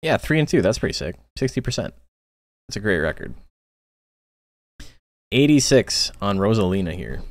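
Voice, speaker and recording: A man's voice: fairly low pitch, big pitch swings, normal speed, long pauses, no echo. A man casually commenting on a game tournament stream, rambling with frequent filler words.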